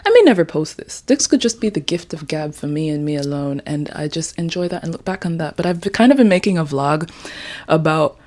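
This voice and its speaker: Low-voiced woman in her 20s just yapping in her room, playful and all over the place. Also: animated, brisk, a little mellow. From Jamaica. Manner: rambling, chatty, playful. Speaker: vlogger. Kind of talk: casual chat vlog.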